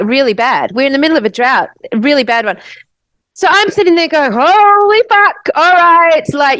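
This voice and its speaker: A woman's voice: high voice, fairly bright tone, dry recording, rough recording. An Australian woman co-hosting a podcast, telling a story in a breathless, vivid way and swearing freely. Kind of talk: casual podcast chat.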